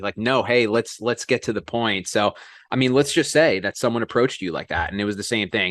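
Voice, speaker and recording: A male podcast host asking questions in a casual, energetic way, checking in often with the guest. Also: fairly low pitch, normal speed, dry recording. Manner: energetic, drops frequent "right?" checks. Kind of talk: casual conversational interview.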